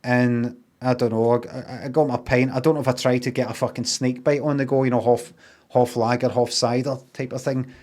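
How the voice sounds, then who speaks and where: A man's voice: mid-range voice, level tone, fairly quick, a little mellow. Rambling sweary Glaswegian man. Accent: Glaswegian Scottish. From Scotland. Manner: rambling, sweary, acts out quotes in changed voices. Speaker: streamer telling a story. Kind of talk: casual storytelling.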